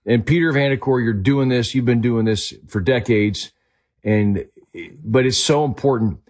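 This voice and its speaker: A male host of a faith talk show with a husky, slightly rough voice at a middling pitch. He speaks with enthusiasm and leans hard on his key points as he draws out his guest. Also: normal speed, darkish tone. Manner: enthusiastic, emphatic.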